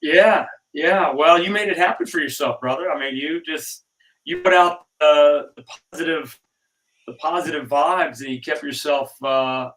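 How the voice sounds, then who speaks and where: A man's voice: a little high, normal speed, fairly bright tone. A middle-aged actor telling stories in a casual interview, acting out the lines of people he quotes. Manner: easygoing storyteller, acts out dialogue. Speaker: actor guest. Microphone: video call. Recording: distant video call mic.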